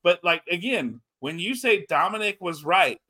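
Man, fairly high voice, co-host, rambling casual wrestling talk, animated. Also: moderate pace. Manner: rambling, animated, frequent restarts. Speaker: podcast co-host.

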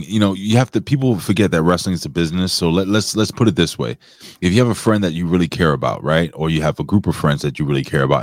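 A man's voice: low voice, no echo, clean studio sound. A man co-hosting a wrestling podcast in casual chat, blunt and profane with rambling asides.

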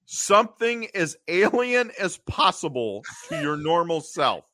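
Animated, bright-voiced male podcast host. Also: fairly high pitch, measured pace, dry recording, clean studio sound. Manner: animated storytelling, acting out quotes in funny voices; frequent throat clearing. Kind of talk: casual podcast recap.

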